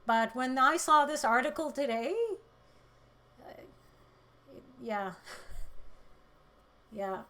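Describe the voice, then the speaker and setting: A woman hosting a political livestream, reading chat comments and speaking with emotion, close to tears, shifting between loud outbursts and quiet moments. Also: sits high, extremely slow, long pauses. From Middle East.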